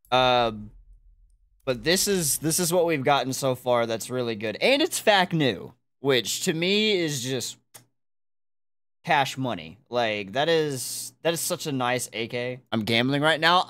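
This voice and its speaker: A young adult streamer chatting casually while opening game cases, swearing and yelping loudly when excited. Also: mid-range voice. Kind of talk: casual live-stream commentary.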